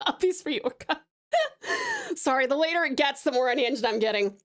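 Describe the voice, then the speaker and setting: A woman's voice: high-pitched, wildly swooping pitch, moderate pace, fairly bright tone. An Australian woman chatting casually with her live-stream chat, rambling and laughing often. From Tasmania, Australia. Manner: giggly, rambling, reacts to chat.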